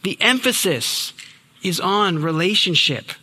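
A man's voice: animated, unhurried, bright, forceful tone, slightly rough. Man preaching in a reverberant hall. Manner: earnest, emphatic, drops low on key words. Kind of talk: sermon.

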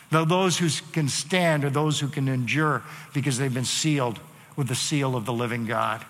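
A man's voice: fairly high pitch, pushed and bright. A male pastor preaching a sermon in a conversational way, rising into emphatic repeated cries. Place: church hall. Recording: long reverb of a large hall.

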